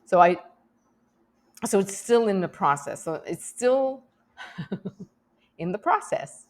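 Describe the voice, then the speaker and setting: A woman's voice: medium pitch, lively intonation, slow, darkish tone. A middle-aged woman talking candidly in a personal vlog, emotional and rambling, laughing often and restarting her sentences. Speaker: vlogger.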